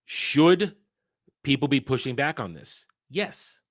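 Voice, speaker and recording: Reading out headlines on his daily entertainment news show, a man offers casual, ranting commentary that is blunt, profane and irritated. He speaks slowly and with animation at a medium pitch, in clean studio sound with no room sound.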